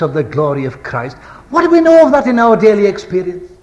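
A man preaching a sermon, reciting scripture with stressed final words and asking the congregation rhetorical questions, moving between ringing declamation and hushed low tones. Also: very animated, a little fast, lo-fi sound. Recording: echoey hall.

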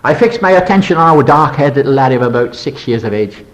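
Older guy preaching, tells it like a story, goes big and loud then real quiet. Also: mid-range voice, animated, quick pace, dull audio. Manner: dramatic, swings between loud and hushed. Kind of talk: storytelling sermon.

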